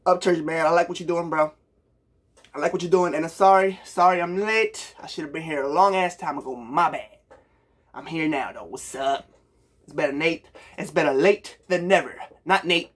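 A man's voice: a little high, a bit bright, breathy edge. A young man from Puerto Rico giving a hyped, slangy reaction to a song for his viewers, calling them bro. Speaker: music reaction youtuber. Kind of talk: casual music reaction talk.

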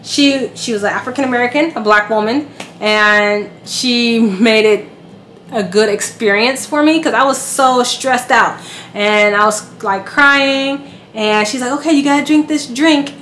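A woman in her thirties chats through a personal story, animated and switching into the voices of the people she quotes. Her voice sits a little high. The recording is roomy and echoey with a faint hiss of noise behind her. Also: a little slow. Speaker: vlogger. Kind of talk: casual storytelling.

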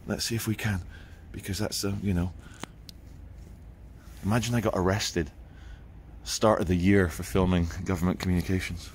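A man filming a casual walking vlog on city streets outdoors at dawn with a handheld phone, telling stories in an animated, chatty way. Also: deep voice, normal speed, slight background noise. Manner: chatty, animated storytelling with quoted voices. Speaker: vlogger. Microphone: handheld phone camera.

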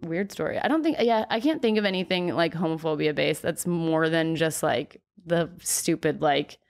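Young woman guest on a podcast, lowish voice, says "like" constantly, just chatting. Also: moderate pace, a little mellow. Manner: chatty storyteller, heavy use of "like", frequent laughs. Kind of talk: candid podcast chat.

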